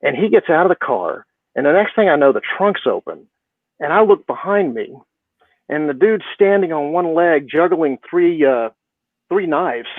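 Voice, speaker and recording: A man telling a funny story on a podcast call, lively and laughing between lines. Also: on the high side, moderate pace, no echo. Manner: lively, laughing, quoting others. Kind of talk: casual storytelling. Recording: dry tinny phone line.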